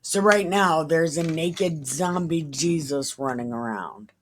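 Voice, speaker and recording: Slow-talking woman reading scripture irreverently. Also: low-pitched, slight background noise. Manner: profane, confused asides, deadpan jokes. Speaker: Bible reading host. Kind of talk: irreverent casual Bible reading with commentary.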